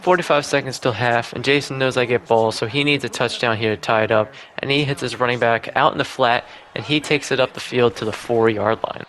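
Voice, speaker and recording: A man's voice: mid-range voice, steady tone, a little fast, hardly any pauses, a bit bright. A young man giving casual, self-deprecating play-by-play commentary over his football video game match. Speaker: gaming YouTuber.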